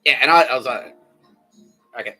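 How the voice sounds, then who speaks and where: Guy rambling on his comedy podcast, bright forceful voice, swears a lot, faint music behind. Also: medium pitch, fairly quick. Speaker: podcast host.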